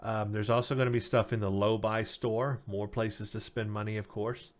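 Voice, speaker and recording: Tired gaming news host, low voice. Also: male voice, level tone, moderate pace. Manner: casual, many ums and uhs, reads out ship stats. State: tired, losing his voice. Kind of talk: casual game news commentary.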